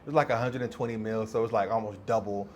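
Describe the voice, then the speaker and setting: A man's voice: on the low side, steady tone, fast, a little hiss or hum. A young adult man, a podcast co-host, telling a story in casual chat, laughing often and acting out the quotes.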